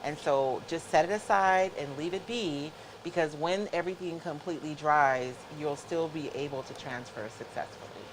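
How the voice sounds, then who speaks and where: A woman's voice: deep voice, moderate pace, hardly any pauses, a little hiss or hum, rough recording. A middle-aged woman hosting a live craft show, chatting casually and explaining each step to her viewers.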